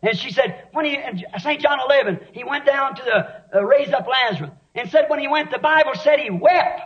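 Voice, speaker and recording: A male preacher with a very high, ringing voice delivers a fervent sermon, rising to shouts and then sinking to hushed passages. The recording is dull and lo-fi, like an old tape. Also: expressive, moderate pace.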